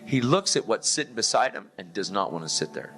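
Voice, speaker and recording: A man giving a casual faith testimony, telling it as a relaxed, slangy story full of "like", "man" and "dude". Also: on the low side, brisk. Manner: laid-back slangy talk with "like", "man" and "dude". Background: music.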